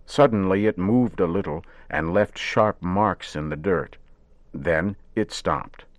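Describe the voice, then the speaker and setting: A man narrating a radio story in measured, simple wording. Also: sits low, no room sound.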